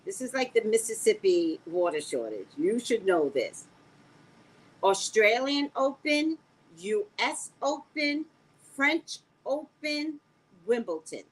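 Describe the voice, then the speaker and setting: Squeaky, animated woman streamer. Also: takes it slowly, breathy edge, low-quality recording. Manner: sassy, animated, talks back to viewers. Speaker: live-stream host. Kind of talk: casual live-stream quiz chat.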